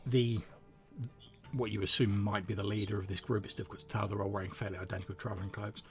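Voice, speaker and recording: A man narrating a tabletop role-playing game as game master, describing the scene in a measured way. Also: fairly low pitch, level tone, soft background music.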